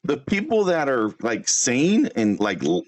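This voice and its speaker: A man's voice: mid-range voice, wildly swooping pitch. Guy ranting on his stream, cussing people out, voice swings up and down a lot. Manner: brash trash-talking, swearing, fast bursts. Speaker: livestream host. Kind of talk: livestream roast rant.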